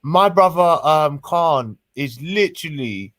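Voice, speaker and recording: A man's voice: fairly high pitch, animated, slow, a bit bright, dry recording. A young man, teasing and chatty as he co-hosts a casual livestream. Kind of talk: casual online chat.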